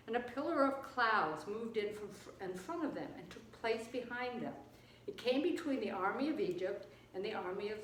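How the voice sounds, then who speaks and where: A woman teaching children, retelling and explaining a Bible story in an expressive way. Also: mid-range voice, a little hiss or hum. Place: church. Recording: echoey room, distant mic.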